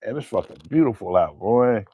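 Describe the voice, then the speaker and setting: Profane, animated man from New Jersey. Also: fairly low pitch, fairly quick, breathy edge, dry recording, phone-quality sound. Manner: animated, profane, laughing often. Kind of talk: casual live-stream chat.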